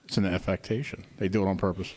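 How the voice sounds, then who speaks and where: A man's voice: deep voice, fairly even intonation, fast, a little mellow. A man co-hosting a podcast, blunt and teasing as he ribs the others in casual banter. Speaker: podcast co-host.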